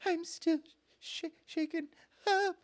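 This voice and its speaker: A man voicing a sweet, fragile young woman witness who feigns distress, in a soft, trembling voice. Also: very high voice, steady tone, takes it slowly, voice pushed up. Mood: timid.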